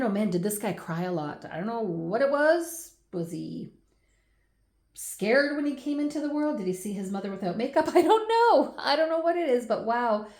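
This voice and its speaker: A woman in her forties, the host of a scrapbooking channel, chatting through a baby album at home with laughs and animated asides. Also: mid-range voice, reverberant. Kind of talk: casual chatty album walkthrough.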